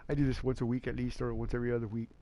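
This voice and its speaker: Man, racing league host, gravelly voice, casual stream commentary, rambling, excitable. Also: medium pitch, rapid-fire. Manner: rambling and excitable, calls everyone man and dude.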